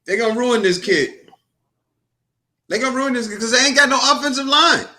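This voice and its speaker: A man co-hosting a casual sports talk show, ranting and joking with animated energy. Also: very high voice, brisk. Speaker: co-host.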